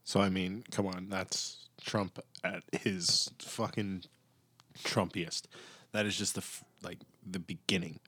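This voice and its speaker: A man's voice: deep voice, creaky, a bit bright, breathy edge, dry recording. A young adult man hosting a casual podcast, ranting sarcastically and swearing a lot. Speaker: podcast host. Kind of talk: casual profane commentary.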